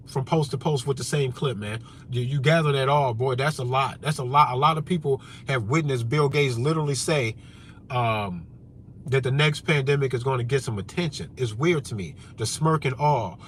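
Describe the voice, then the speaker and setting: A man's voice: fairly high pitch, a bit bright. A man delivering a brash, profane, combative rant as a vlogger, with faint vehicle noise behind him. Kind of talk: profane ranting monologue.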